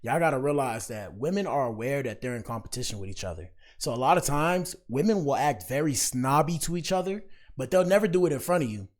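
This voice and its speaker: A man's voice: mid-range voice, lively intonation, a little fast, hardly any pauses. A young man giving casual, preachy reaction commentary in slangy talk, speaking straight to his viewers. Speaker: commentary streamer.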